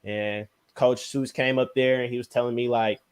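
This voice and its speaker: A man's voice: moderate pace, smooth. Young man telling a story animatedly. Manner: animated, slangy, sound words like "boom, bam". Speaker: podcast guest, basketball player. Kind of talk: casual storytelling.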